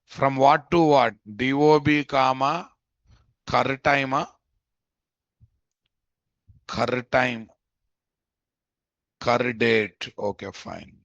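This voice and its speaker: A man's voice: medium pitch, steady tone, takes it slowly, vocal fry, long pauses, fairly bright tone, no echo. Man teaching code, muffled audio. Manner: thinks aloud, repeats phrases, often adds "guys?". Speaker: programming instructor. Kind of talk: live coding lesson. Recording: dull, dry lo-fi mic audio.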